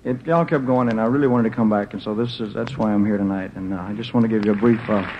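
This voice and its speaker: A man's voice: fairly low pitch, steady tone, fast talker. Male performer, easygoing storyteller onstage, dull old live recording with a faint hiss. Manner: laid-back and joking, with many fillers and restarts. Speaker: stage performer addressing a concert audience. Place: concert stage.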